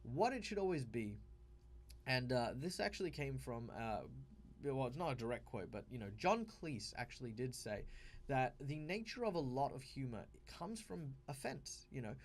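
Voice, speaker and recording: Animated Australian man giving game advice. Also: mid-range voice, normal speed, a little hiss or hum. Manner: animated and emphatic, with frequent fillers and restarts. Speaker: tabletop game advice host. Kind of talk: casual advice monologue.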